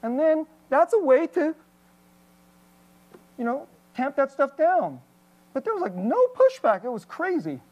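A woman's voice: medium pitch, poor audio. A woman pastor giving an emotional, candid personal testimony in a sermon, with plenty of fillers and restarts.

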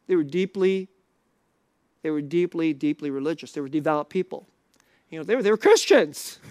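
A man's voice: high voice, a little mellow, dry recording. Guy preaching, chatty, keeps asking the crowd questions, dry close sound. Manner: conversational, asks the audience questions. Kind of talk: sermon.

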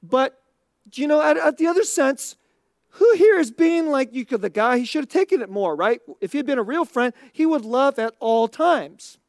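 A woman's voice: sits high, animated, normal speed, darkish tone, dry recording, clean studio sound. A woman giving an informal Christian teaching talk, conversational and thinking aloud, chuckling often between points. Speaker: Christian speaker.

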